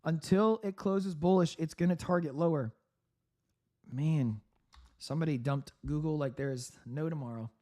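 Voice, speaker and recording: A man hosting a live trading stream, giving upbeat market commentary with frequent laughs, clearing his throat and coughing from a sore throat. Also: fairly high pitch, moderate pace, mellow. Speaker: trading livestream host.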